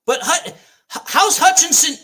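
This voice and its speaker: High-pitched ranting male fan commentator. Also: moderate pace, pushed and bright. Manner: ranting, swears freely, repeats complaints. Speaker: fan watch-party host. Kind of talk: live play-by-play fan commentary.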